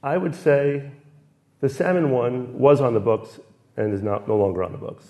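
A man's voice: mid-range voice, animated, normal speed, mellow. A man on a podcast panel, rambling through his reasoning with self-deprecating jokes. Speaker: guest panelist. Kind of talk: casual banter.

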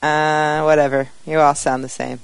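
A man's voice: fairly high pitch, level tone, moderate pace, vocal fry, clear, resonant tone, no echo. A man in casual podcast chat, teasing and joking with the others. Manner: teasing, jokey banter.

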